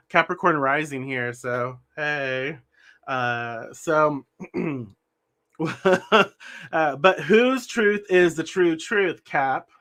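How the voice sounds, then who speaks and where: Bright-voiced man giving an earnest tarot reading. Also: fairly high pitch. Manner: earnest, meandering, self-correcting; talks with his hands. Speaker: tarot reader.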